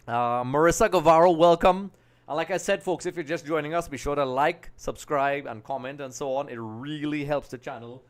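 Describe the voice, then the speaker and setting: A man's voice: on the high side, moderate pace. A middle-aged man hosting a live football watch-along stream, chatting to viewers by name and reacting to the match. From Trinidad and Tobago. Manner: chatty, greets viewers by name, excitable over goals.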